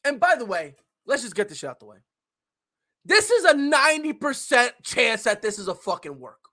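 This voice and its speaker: Young guy podcast rant, swears a lot, super animated, bright voice. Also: extremely high pitch, normal speed. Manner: profane, fired-up, slangy and emphatic. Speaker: podcast host. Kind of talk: opinionated casual podcast rant.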